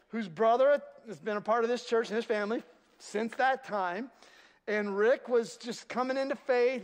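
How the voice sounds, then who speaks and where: A man's voice: high voice, big-room sound. A male pastor preaching a sermon, telling stories with self-deprecating humor. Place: church sanctuary.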